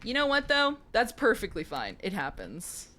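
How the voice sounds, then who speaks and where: Playful woman game streamer, lively pitch. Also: normal speed. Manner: playful, jokey, chatty with viewers. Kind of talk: live gameplay commentary.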